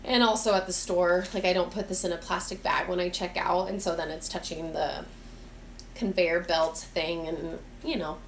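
A woman's voice: fairly low pitch, fairly even intonation, normal speed, a little hiss or hum. A woman giving a casual, chatty cooking demonstration in her home kitchen, mixing instructions with friendly asides. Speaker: cooking vlogger and teacher.

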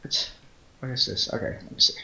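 A young man running a tabletop game as game master, animated and quick to laugh. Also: heavy background noise. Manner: animated, laughs easily, repeats rulings. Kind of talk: casual tabletop game narration. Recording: roomy echo.

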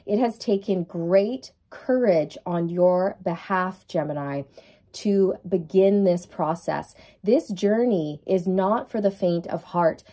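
A woman's voice: lowish voice, dark tone. A woman reading tarot cards for viewers, speaking in a soothing, affirming and repetitive way. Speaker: tarot reader.

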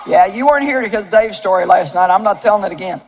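A woman's voice: medium pitch, fast, slight background noise. Folksy older woman preaching to a crowd. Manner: folksy, animated storytelling with asides to the crowd. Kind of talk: sermon to a live audience. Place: large auditorium with audience.

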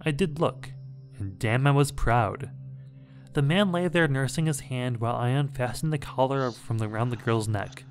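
A man reading a scary story aloud in a measured, dramatic way. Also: medium pitch, soft background music. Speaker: horror story narrator. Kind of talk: scripted horror story narration.

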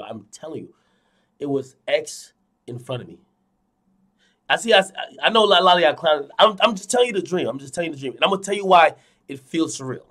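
A young man streaming, telling a dream to his viewers in a casual, animated way, swinging from loud to hushed, repeating phrases and swearing a lot. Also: a little high. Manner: frequent fillers and profanity. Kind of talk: casual storytelling to a live audience.

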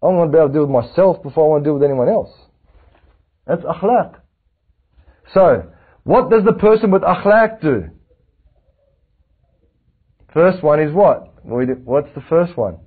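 A man in his late forties leads a class, coaxing his students with question after question. His voice is husky. The recording is thin and phone-like. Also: fairly high pitch, very animated, moderate pace, long pauses. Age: 40s. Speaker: religious teacher. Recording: tinny lo-fi lecture recording.

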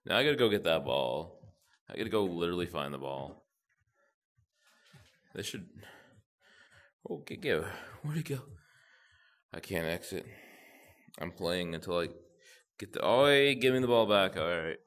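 A young man talks through his gameplay and swears freely, reacting to every moment. His voice sits very low, but it swoops widely up and down as he gets worked up. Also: moderate pace, long pauses. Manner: profane, excitable, talks to himself while playing. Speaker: gamer channel host. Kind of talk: gameplay commentary.

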